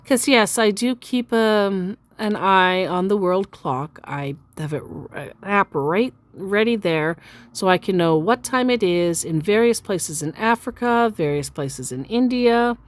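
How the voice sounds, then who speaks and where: A woman's voice: medium pitch, expressive, unhurried, no echo. A woman casually telling a story about chatting with a scammer, chatty and self-deprecating, with frequent fillers. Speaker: storyteller recounting a chat with a scammer. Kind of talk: casual storytelling, reading out text messages.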